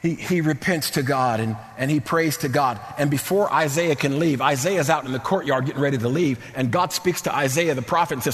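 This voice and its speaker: Male preacher, middle-aged, fairly high voice, animated sermon delivery, long hall reverb. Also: brisk, hardly any pauses. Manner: animated, repeats words, rises to near-shouts.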